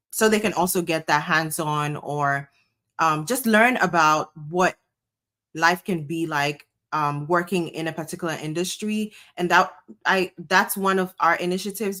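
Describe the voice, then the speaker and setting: A woman from Ghana, an engineer and podcast guest, explaining things in a measured way with frequent ums. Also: low-pitched, fairly bright tone. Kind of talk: casual interview chat.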